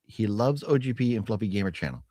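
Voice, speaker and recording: Tipsy and rambling, this podcast host jokes his way through viewer comments on a casual stream. He talks fast in a fairly low, warm, animated voice. There's no echo.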